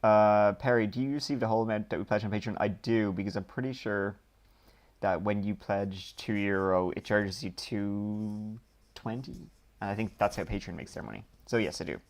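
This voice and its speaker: A man's voice: fairly low pitch, steady tone, moderate pace. A man with a Dublin Irish accent casually reading out viewer questions on a live stream and answering them with lots of ums and rambling asides. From Ireland. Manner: rambling, reads questions aloud then answers with many ums.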